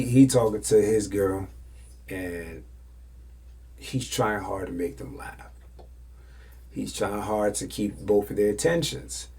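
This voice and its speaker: Male podcast host, casual animated storyteller, gravelly and a bit low. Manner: animated storytelling, acts out quotes.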